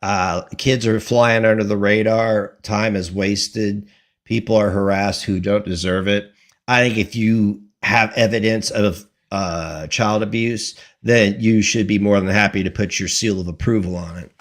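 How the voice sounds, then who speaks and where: A man's voice: fairly low pitch, fairly even intonation, measured pace. A man hosting a livestream, making blunt, sarcastic remarks over a clip he is playing. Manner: blunt, sarcastic, crude asides. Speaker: livestream host reacting to a video. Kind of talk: casual commentary over a clip.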